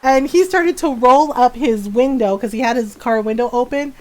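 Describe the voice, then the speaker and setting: Woman game streamer, animated casual storyteller, a touch high-pitched. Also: normal speed. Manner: animated, laughs often, many fillers and tag questions. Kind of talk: casual storytelling chat while gaming.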